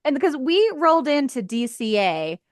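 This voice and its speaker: A woman's voice: sits high, normal speed, dry recording, studio quality. A woman co-hosting a podcast in casual chat, telling stories with acted-out quotes. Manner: animated storyteller, acts out quotes, laughs often. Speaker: podcast co-host.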